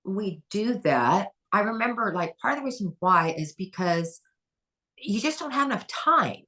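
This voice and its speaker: A woman's voice: medium pitch, expressive, moderate pace, pushed and bright. A woman who is a former head gymnastics coach, talking passionately and emphatically as a podcast guest. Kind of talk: podcast conversation.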